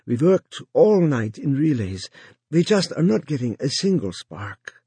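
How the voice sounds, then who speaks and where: A man voicing a nervous, mumbling male business owner in an audiobook, higher than his reading voice. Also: very animated, a little slow, mellow, husky, no echo, heavily acted. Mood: anxious. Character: anxious fussy male moratorium owner.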